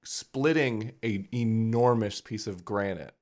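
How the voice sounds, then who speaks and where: A man's voice: lowish voice, slow pace, a little mellow. A young man co-hosting a podcast, chatting casually with lots of fillers and frequent laughs. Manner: rambling, filler-heavy, laughs often. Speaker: podcast co-host. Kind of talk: casual chat.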